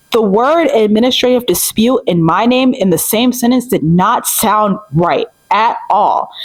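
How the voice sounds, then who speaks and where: A young woman in her twenties recounts events in a casual, emphatic vlog manner. Her voice sits on the low side and the sound is dry and close. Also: dry recording, low-quality recording. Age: 20s. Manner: animated, emphatic, with many fillers. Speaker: vlogger. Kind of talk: casual storytime.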